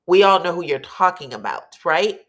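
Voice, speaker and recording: A woman hosting a commentary show, recapping a reality TV scene in an animated, sassy way and acting out what people said. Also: lowish voice, moderate pace. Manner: animated retelling, acts out quotes, sassy asides.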